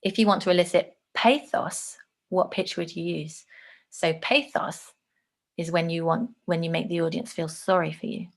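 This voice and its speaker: A woman teaching an online lesson, explaining clearly and showing examples with her own voice. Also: lowish voice, moderate pace.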